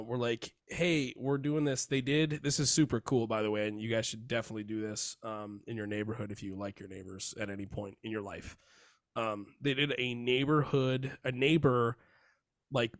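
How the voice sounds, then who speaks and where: A man co-hosting a podcast, chatting casually in a rambling, halting way. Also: mid-range voice, dry recording, studio quality. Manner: rambling, halting, restarts and throat clearing. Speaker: podcast co-host. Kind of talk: casual chat.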